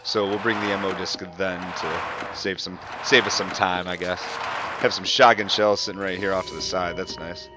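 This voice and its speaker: A man's voice: sits low, little pitch movement, moderate pace, background noise. A man giving casual, chatty walkthrough commentary, joking at his own expense and swearing when startled. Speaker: gameplay commentator. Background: game music.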